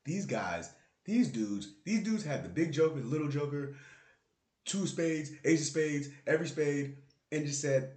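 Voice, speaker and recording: A man's voice: fairly high pitch, animated, unhurried, a little mellow. A man hosting his own podcast, in a casual, profane, joking rant about basketball. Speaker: podcast host. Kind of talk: casual solo basketball talk. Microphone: close podcast mic with plosive pops. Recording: roomy, echoey room.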